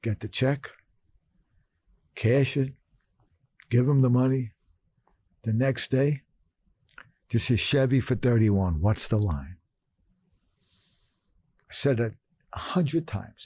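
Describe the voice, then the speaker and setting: An older man from Brooklyn, New York, telling stories as a podcast guest and acting out his past self in sudden higher voices. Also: slow pace, pauses often, darkish tone, husky, no echo. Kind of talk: storytelling in conversation.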